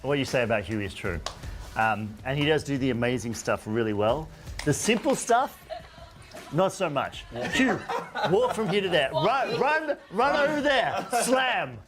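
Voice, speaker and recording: A man, a talk show guest, telling a teasing story loudly with laughter. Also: a little high, big pitch swings, a little slow, music in the background. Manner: loud, laughing, teasing anecdote. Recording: live audience crowd noise.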